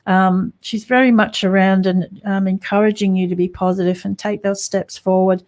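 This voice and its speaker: Aussie lady reading on live radio, slow and encouraging, lots of ums. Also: medium pitch, fairly even intonation, a little mellow. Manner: measured, encouraging, many "um"s. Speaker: psychic radio co-host.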